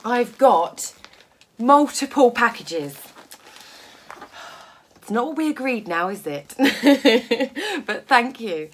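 A woman with a fairly high voice that swoops up and down, talking through a casual sewing vlog. She speaks slowly and unhurriedly, yet gushes with excitement and laughs often. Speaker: sewing vlogger.

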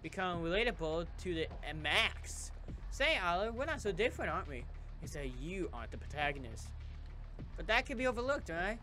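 A man's voice: high-pitched, sing-song, fairly quick, pushed and bright, a little hiss or hum, exaggerated voice. A man doing a sneering villainous girl. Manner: taunting, theatrical, sneering. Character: mocking villainous girl, cold and scornful.

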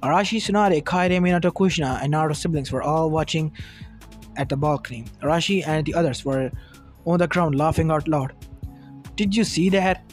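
A man's voice: a little high, a little fast. A man reading a fan fiction story aloud, with small stumbles and restarts. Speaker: narrator. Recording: music under the voice. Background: lofi background music.

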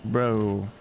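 Excitable man streaming a game. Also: fairly low pitch, slight background noise. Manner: excitable, exclamatory reactions, chats to viewers. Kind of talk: live gameplay commentary.

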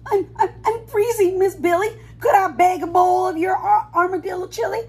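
A woman's voice: very high voice, normal speed, vocal fry, darkish tone, pitched above the performer's own voice. A woman voicing a small, timid female horned toad who stutters through chattering teeth. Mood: shivering.

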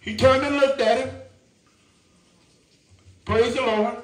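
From far off in an echoing church, a high-voiced male preacher gives a sermon, repeating himself and asking the congregation to agree. His intonation stays fairly even and his pace is slow.

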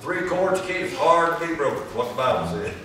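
A man preaching a sermon, emphatic and repeating his points, slowing down to read scripture. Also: on the high side, a bit bright. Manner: emphatic, repeats lines, reads scripture slowly. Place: church. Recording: echoey church room, distant mic.

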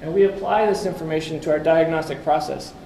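Fast and warm, a fairly high-pitched male voice delivers a conversational conference lecture with slides, tossing questions and wry comments at the audience. A little hiss or hum sits under the echoey room's faint ambience.

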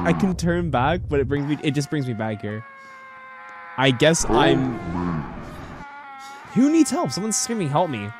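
Man, let's-play host, excitable, stammering, animated swooping pitch, noisy background. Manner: excitable, stammering, laughing often. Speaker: gaming channel host. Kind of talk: casual let's-play commentary.

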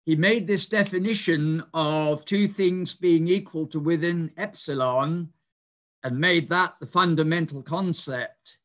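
An older man giving a reminiscing lecture, speaking in a measured, explanatory way with some hesitant fillers. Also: fairly high pitch, a bit bright. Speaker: mathematician giving a talk.

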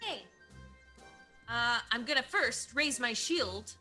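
A woman playing in a tabletop role-playing game, stating her actions briskly and decisively. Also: fairly high pitch, expressive, bright, forceful tone, faint music behind. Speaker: player. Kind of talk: casual tabletop game play.

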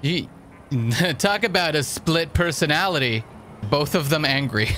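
A young man giving excitable, jokey gameplay commentary and swearing often. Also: fairly high pitch, unhurried, a little hiss or hum. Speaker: gaming channel host. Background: game music and sounds.

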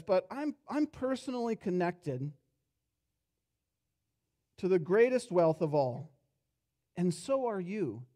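A pastor preaching a sermon in a church, telling a story and acting out its characters, dropping soft and low for reflective points. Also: male voice. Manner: storytelling, acts out characters' lines with rising energy. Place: church sanctuary.

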